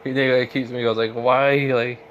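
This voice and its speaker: A man's voice: medium pitch, fairly even intonation, measured pace, lo-fi sound. Guy rambling thru a fan story, normal voice, bit of hiss behind. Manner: rambling, lots of fillers and restarts. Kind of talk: casual retelling of a fan story.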